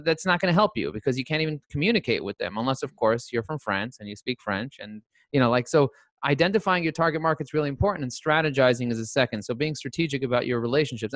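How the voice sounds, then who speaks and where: A man talking as a podcast guest in an animated, motivational way, full of catchy rhymes. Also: medium pitch, dry recording. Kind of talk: energetic interview talk.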